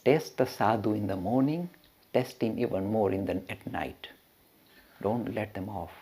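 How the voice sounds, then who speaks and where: A man's voice: on the low side, normal speed, slight background noise, pitched below the performer's own voice, natural voice. A man voicing an old affectionate spiritual master. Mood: approving. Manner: warm coaxing and playful. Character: elderly male spiritual master, affectionate and teasing.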